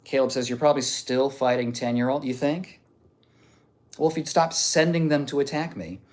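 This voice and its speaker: A man's voice: mid-range voice, normal speed. Joking male streamer reading chat. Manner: joking, off-hand, reads messages out one after another. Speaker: live streamer. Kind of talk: casual chat, reading viewer messages aloud.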